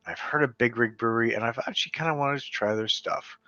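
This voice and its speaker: A man's voice: medium pitch, fast, bright, forceful tone, no echo. A hungover man in a casual vlog, reading award results with rambling, wry asides. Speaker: beer reviewer. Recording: dull, slightly lo-fi sound.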